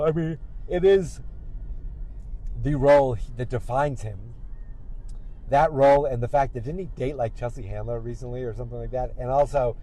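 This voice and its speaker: A man's voice: mid-range voice, warm tone, rough recording. A man hosting a podcast, chatting casually while driving and recapping an episode in a rambling way. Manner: rambling, acts out quotes in raised voices. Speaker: podcast host. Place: car.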